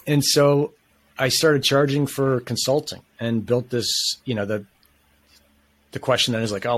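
A man talking as a podcast guest, telling a long story in a casual, enthusiastic, rambling way with plenty of slang. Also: medium pitch.

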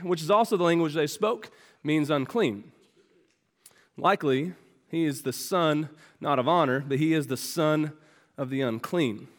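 High-voiced preacher in a reverberant church. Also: male voice. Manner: preaching with rhetorical questions, swinging from loud to hushed. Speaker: pastor. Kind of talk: sermon. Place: church sanctuary.

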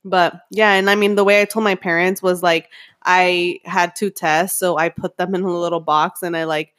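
Young woman, casual chat, laid-back, quick to laugh, dry close recording. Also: fairly low pitch, little pitch movement, fairly bright tone, no echo.

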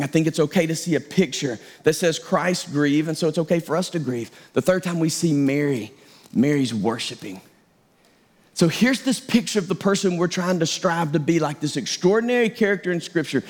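A man's voice: sits high, a little fast. A middle-aged male pastor preaching a sermon in a conversational, self-deprecating way.

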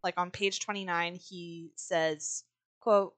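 A woman's voice: mid-range voice, animated, moderate pace, a bit bright, no echo. A woman co-hosting a podcast, chatting casually and reading quotes aloud in a blunt, sarcastic way, swearing freely. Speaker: podcast co-host.

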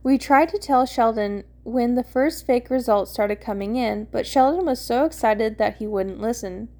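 A woman's voice: on the high side, normal speed, a little mellow, close to an everyday voice. A woman voicing a nervous, defensive young man who rants anxiously in a story she reads aloud.

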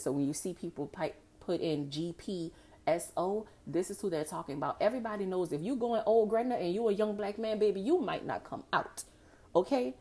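A woman talks straight to her listeners in a loose solo podcast. Her voice sits fairly low for a woman, and her delivery is impassioned and frustrated. She circles back and repeats her points. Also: a little mellow. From New Orleans. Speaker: podcast host. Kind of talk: casual monologue.

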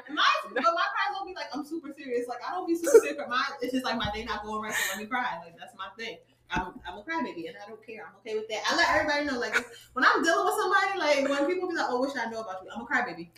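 A young woman in a casual chat, telling stories quickly and with animation. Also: high-pitched, very noisy. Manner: rapid, animated storytelling. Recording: echoey room with crosstalk.

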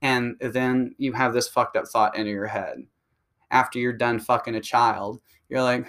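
A man's voice: medium pitch, fairly even intonation, normal speed, a bit bright. A man delivering a profane, combative ranting monologue that speeds up when he gets heated. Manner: crude, combative, and provocative.

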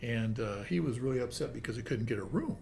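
An older man in casual chat, telling travel stories in a halting, relaxed way. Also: medium pitch, vocal fry, soft background music. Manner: halting, relaxed storytelling with fillers.

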